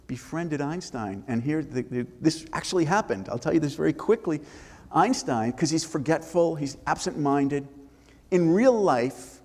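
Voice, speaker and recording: Gravelly man telling stories in a hall. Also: on the high side. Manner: lively anecdotal storyteller with restarts. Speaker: author and former congressman. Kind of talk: storytelling in a live interview. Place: synagogue hall before an audience. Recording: long reverb of a hall.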